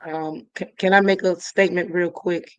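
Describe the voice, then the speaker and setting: A woman from Illinois giving a personal testimony in a halting way, full of fillers and restarts. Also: lowish voice, fairly even intonation, clean tone, no room sound. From Illinois, USA. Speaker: guest.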